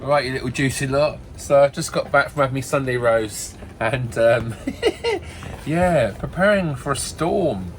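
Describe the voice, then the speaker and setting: A man's voice: mid-range voice, animated, a little slow, slight background noise. A British man chatting casually to camera in a cheeky way, laughing often and swearing mildly as he vlogs about life on his boat. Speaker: narrowboat vlogger. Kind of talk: casual vlog chat.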